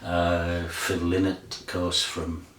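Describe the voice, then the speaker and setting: Older guy rambling casually about records, deep voice, distant mic, roomy echo. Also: monotone, slow, fairly bright tone. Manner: rambling, chatty, many fillers and restarts. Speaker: record collector vlogger. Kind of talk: casual chat. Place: room in front of a record collection.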